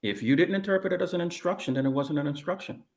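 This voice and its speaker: A man's voice: high voice, quick pace. A man, a police officer, answering deposition questions in a guarded, noncommittal way. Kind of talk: deposition testimony.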